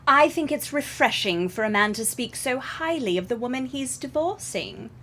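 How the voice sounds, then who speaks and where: A woman's voice: high-pitched, lively intonation, moderate pace, a bit bright, slight background noise. A woman playing a giggly, gushing neighbor who talks in a sing-song way, in a scene reading. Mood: sympathetic.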